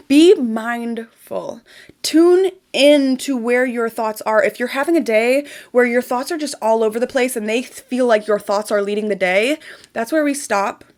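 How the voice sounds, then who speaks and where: A young woman in casual, emphatic motivational talk, repeating words and dropping to a soft whisper while guiding a ritual. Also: fairly high pitch. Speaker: spiritual vlogger.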